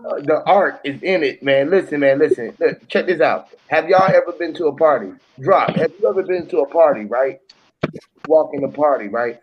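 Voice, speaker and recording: A man's voice: fairly high pitch, animated, moderate pace, dull audio, a little hiss or hum. A man talking casually on a podcast, telling a story and acting out scenes with sound effects. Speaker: podcast host.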